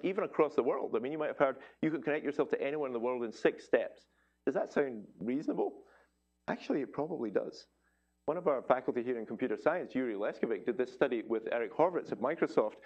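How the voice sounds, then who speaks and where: A man's voice: medium pitch, a little mellow, lo-fi sound. A man who is a cardiologist giving a public science lecture to a live audience, in a conversational and joking way, quizzing the listeners. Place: event hall, before a live audience.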